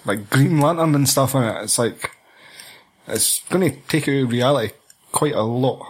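Husky young man, laid-back. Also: medium pitch, normal speed. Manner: sweary, laid-back, blunt. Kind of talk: casual film review chat.

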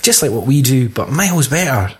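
A man's voice: mid-range voice, big pitch swings, fairly quick. A young Scottish man hosting a casual podcast, rambling and giggly with lots of ums. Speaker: podcast host.

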